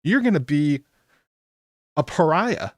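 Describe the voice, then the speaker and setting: A man's voice: on the high side, lively intonation, slow, dry recording. A man hosting a casual solo aftershow, chatty and incredulous, laughing often and filling gaps with ums. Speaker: YouTube aftershow host. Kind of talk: casual solo reaction commentary.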